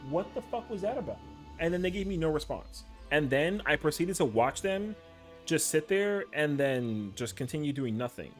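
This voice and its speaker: A male game streamer in loose casual chat, worked up and swearing freely, every other phrase opening with "yo". Soft music plays faintly under his voice. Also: mid-range voice. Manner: slangy, profane and heated, peppered with "yo". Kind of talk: casual chat while gaming.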